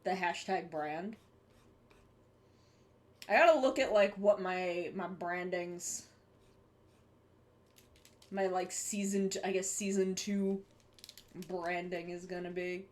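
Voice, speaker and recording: A woman's voice: lowish voice, steady tone, slow pace, pauses often. A young woman streaming live, chatting casually with her viewers while she draws, rambling and swearing offhandedly.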